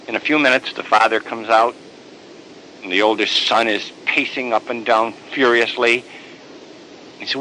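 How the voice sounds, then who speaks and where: Priest, male, dramatic storyteller, bright and lively, faint hiss behind. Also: medium pitch, moderate pace, pauses often, rough recording. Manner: animated, repeating words in bursts.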